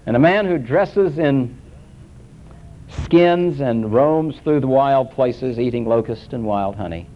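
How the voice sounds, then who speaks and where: A man preaching a sermon, swinging between soaring emphasis and hushed, low scripture quotations. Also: takes it slowly. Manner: dramatic rises and drops, quoting scripture in a hushed low voice. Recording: dull lo-fi recording.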